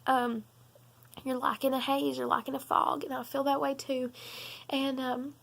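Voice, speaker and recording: A young woman, talking in an earnest, halting vlog while tearful and sobbing, with many pauses and ums. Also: high voice, little pitch movement, creaky, fairly bright tone. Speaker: vlogger. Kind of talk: personal confessional vlog.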